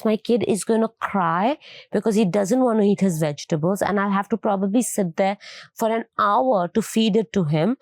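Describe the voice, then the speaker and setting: Animated middle-aged woman from India. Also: medium pitch, no room sound. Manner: animated storytelling, acts out dialogue. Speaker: fitness trainer, guest. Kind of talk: casual interview talk.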